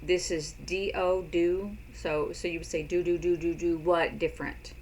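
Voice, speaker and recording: A woman teaching a sign language lesson in a casual spoken style, unhurried and repeating words as she demonstrates signs. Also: fairly low pitch, fairly even intonation, a little mellow, a little hiss or hum, poor audio.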